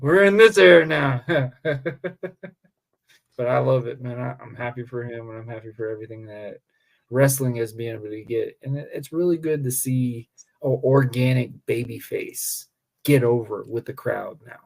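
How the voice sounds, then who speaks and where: Excited, rambling man talking wrestling. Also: medium pitch, moderate pace, gravelly. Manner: enthusiastic, rambling, says "man" often. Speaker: pro wrestler guest. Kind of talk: casual podcast chat.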